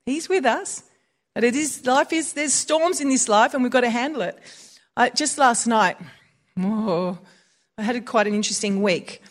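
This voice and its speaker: A woman's voice: fairly high pitch, normal speed. A woman preaching in a chatty, conversational way, mixing scripture with personal stories. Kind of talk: conversational sermon.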